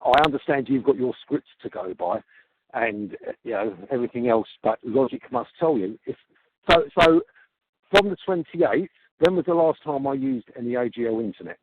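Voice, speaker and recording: A man's voice: mid-range voice, expressive, a little hiss or hum. Exasperated man on a tinny phone call. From Australia. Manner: exasperated, halting, repeats himself. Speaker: customer on a complaint call. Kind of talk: heated phone complaint.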